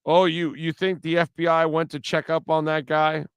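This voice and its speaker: His voice is on the high side, clear and resonant, at normal speed, with studio quality and no room sound. He's a sports radio host talking casually and animatedly on his show, laughing and rambling through frequent restarts.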